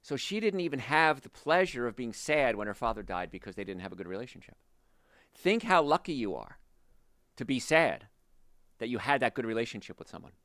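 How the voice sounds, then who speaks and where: A man's voice: mid-range voice, a little fast, dry recording, studio quality. A man hosting a health show, giving an emphatic, motivational talk straight to his listeners. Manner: emphatic, animated, speaks directly to listeners.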